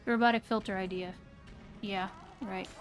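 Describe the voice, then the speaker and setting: A woman from the American South, speaking with a standard American accent, chats casually to her live-stream audience while playing a game, rambling and hesitant with lots of fillers. Her voice is mid-range and steady at a moderate pace, with faint music behind her.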